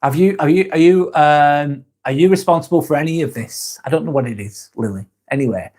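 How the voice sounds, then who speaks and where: A man's voice: fairly high pitch, fairly quick, darkish tone. A man hosting a casual live-stream chat, reading viewer comments aloud and answering them in a blunt, frank way with constant swearing.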